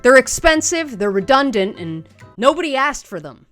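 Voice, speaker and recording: Woman comedy host, sarcastic scripted commentary, lively swooping voice, light music underneath. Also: high-pitched, normal speed. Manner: sarcastic, punchy delivery.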